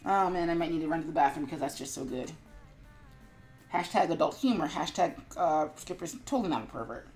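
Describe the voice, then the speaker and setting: Rambling woman streamer, slightly low voice. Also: expressive, a little fast, a little mellow, faint music behind. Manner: rambling, filler-heavy, mumbles while working. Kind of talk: casual live-stream chat while animating.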